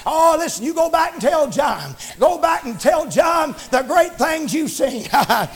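A man's voice: extremely high pitch, big pitch swings, measured pace, faint music behind. A male preacher delivering a fervent sermon in a church, breaking into frequent praise interjections.

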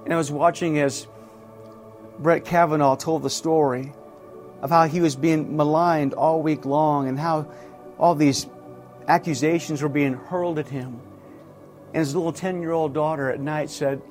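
Casting: male pastor, middle-aged, high voice, earnest repetitive sermon delivery, soft music underneath. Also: fairly even intonation, moderate pace. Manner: earnest preaching with emphatic repetition.

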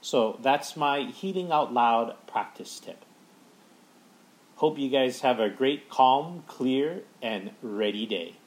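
Slow, calm man guiding a breathing practice. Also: mid-range voice, rough recording. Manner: slow, calm, halting with fillers. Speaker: podcast guest. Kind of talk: guided practice tip.

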